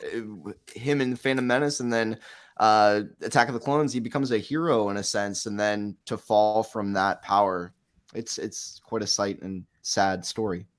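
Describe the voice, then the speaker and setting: A man's voice: fairly low pitch, moderate pace. A man chatting casually, reflective and wistful. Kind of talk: casual chat.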